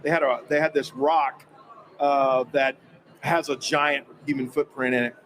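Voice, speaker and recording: A man telling an animated story about a personal experience, acting out quoted dialogue with emphatic energy. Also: mid-range voice, measured pace, slight background noise, low-quality recording. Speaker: guest recounting a personal experience.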